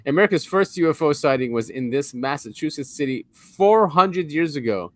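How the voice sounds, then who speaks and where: A man's voice: fairly high pitch, animated, moderate pace, a bit bright, no echo. A man co-hosting a podcast in casual chat, rambling a little and reading article passages aloud, recorded on a close mic. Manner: rambling, chuckles often, reads articles aloud. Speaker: podcast co-host.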